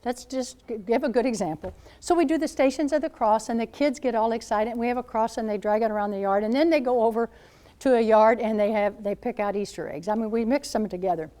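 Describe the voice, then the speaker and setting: A woman in her seventies, a Catholic nun speaking to high school students as a guest speaker, telling stories in an animated way and acting out what people said. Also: brisk. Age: 70s. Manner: animated storyteller, acts out quoted voices. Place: school gathering room.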